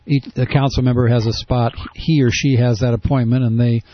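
A man's voice: medium pitch, little pitch movement, a little fast, slight background noise. A man hosting a radio show, asking questions in a casual, probing way with many restarts. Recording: dull, lo-fi radio audio.

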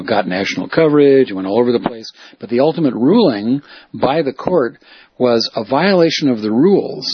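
Male reporter-activist, rambling monologue, husky, dull lo-fi audio. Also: medium pitch, no room sound. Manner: rambling, digressive, self-correcting. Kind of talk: casual spoken monologue.

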